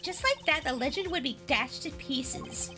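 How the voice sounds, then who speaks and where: A woman's voice: high voice, expressive, normal speed, music in the background. A woman voicing a brash young female card dealer and con artist in a Valley Girl voice. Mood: boastful.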